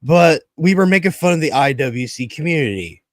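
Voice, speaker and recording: A man's voice: a little high, animated, fairly quick, no echo. A man co-hosting a podcast in casual chat, rambling, swearing often and acting out what others said. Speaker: podcast co-host.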